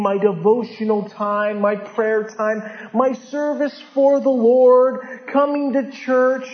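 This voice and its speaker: A man preaching a sermon as pastor, impassioned, swinging from loud urgent peaks to low hushed lines. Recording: dull lo-fi sound in a large reverberant hall.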